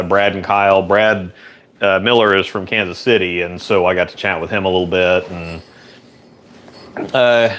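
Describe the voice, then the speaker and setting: A man hosting a relaxed, rambling chat in a workshop, answering viewer questions. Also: on the low side. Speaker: host. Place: indoor workshop.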